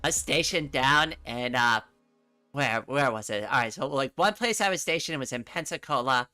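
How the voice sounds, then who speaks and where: A woman's voice: a bass voice, animated, normal speed, pushed and bright, faint music behind. A middle-aged woman from New England chatting casually on a livestream from her room, rambling and laughing often. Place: home room.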